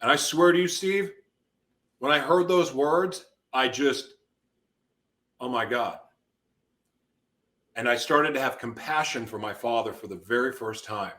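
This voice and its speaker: Bright-voiced man telling an intense story. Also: medium pitch, normal speed. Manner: intense, emotional storytelling with sudden loud outbursts. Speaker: guest. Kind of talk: personal testimony in interview.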